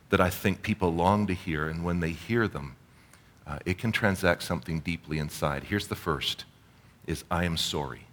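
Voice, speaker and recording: A man's voice: deep voice, fairly bright tone. A middle-aged man from Canada giving a sermon in an earnest, conversational way, with storytelling asides. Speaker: pastor.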